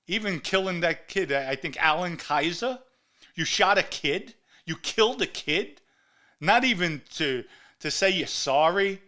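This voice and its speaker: A man's voice: on the high side, sharp tone. A middle-aged man, delivering a heated, ranting monologue and hammering his insults with repetition. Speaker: podcast host. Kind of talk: angry monologue to camera.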